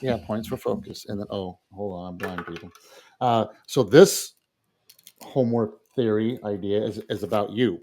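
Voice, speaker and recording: A man co-hosting a podcast, speaking in a relaxed, casual way and working from his own handwritten notes. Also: lowish voice, normal speed. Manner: relaxed, works from handwritten notes, short affirmations. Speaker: podcast co-host. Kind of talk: casual conversational podcast talk.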